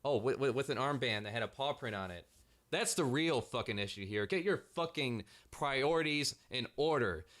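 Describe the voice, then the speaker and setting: Male vlogger, mid-pitched, sarcastic and foul-mouthed, exasperated ranting commentary. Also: animated, moderate pace, fairly bright tone. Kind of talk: commentary rant.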